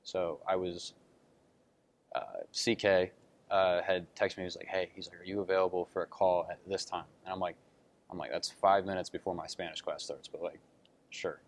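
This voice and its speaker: A young-adult college basketball recruit with a low, fairly flat voice speaks at normal speed, answering interview questions about his recruitment. He tells his story earnestly, with plenty of fillers and retold quotes.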